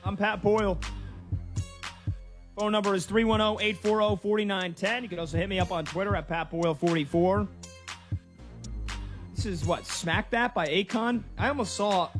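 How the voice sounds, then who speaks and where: A man in his thirties hosts a sports talk radio show with a loose, chatty storytelling style. His voice sits a little on the higher side and moves freely as he talks. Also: steady tone, normal speed, pauses often, soft background music. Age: 30s.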